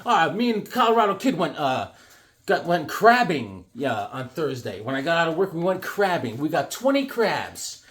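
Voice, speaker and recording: Talking casually to his camera about his drawings and comic books, a man is animated, with a pitch that swings widely and sits a little high for a man. He keeps breaking into quick silly voices and shouts.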